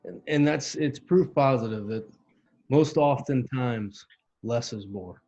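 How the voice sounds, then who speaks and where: A mid-pitched man, a veteran guest, recounts a personal memory in an interview. He tells it vividly and acts out the voices and sounds in it. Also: slow, dark tone, highs cut off. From United States. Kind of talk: emotional personal storytelling.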